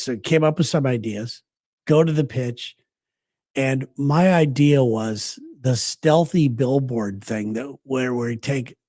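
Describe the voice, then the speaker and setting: A man's voice: medium pitch, mellow, dry recording, studio quality. A man co-hosting a talk show, telling stories in casual chat and laughing often. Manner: laughs often, tells stories with quick asides. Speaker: radio host.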